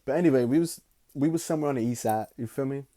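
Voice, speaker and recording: A young man casually telling a rambling story, slangy and profane, drifting between slow musing and excited bursts. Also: medium pitch. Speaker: podcast host.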